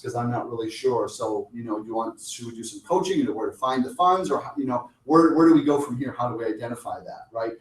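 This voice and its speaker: A man's voice: mid-range voice, a little fast. A man giving a sales coaching talk to a small audience, speaking conversationally and acting out short client exchanges. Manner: conversational, acts out little client dialogues. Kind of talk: lunch talk presentation. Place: meeting room. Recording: echoey room, mic at a distance.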